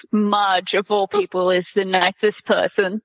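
A woman chatting on a podcast who listens warmly and laughs readily. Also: mid-range voice, level tone, slow pace, dry recording. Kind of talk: casual chat. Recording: dull lo-fi line.

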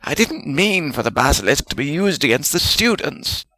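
A man's voice: big pitch swings, moderate pace, pushed and bright, no echo, heavily acted, poor audio. A man voicing a whiny old wizard spirit. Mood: snappish. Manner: whiny and aggrieved, voice climbing high. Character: peevish, defensive old male wizard spirit. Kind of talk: audiobook fan fiction reading.

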